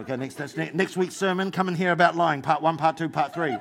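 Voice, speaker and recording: A man preaches in a high, gravelly voice. He is playful and teasing, tossing jokes at his congregation as he goes. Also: fast, hardly any pauses, a bit bright, slight background noise. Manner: playful, joking asides to the congregation. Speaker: pastor. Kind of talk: lively sermon.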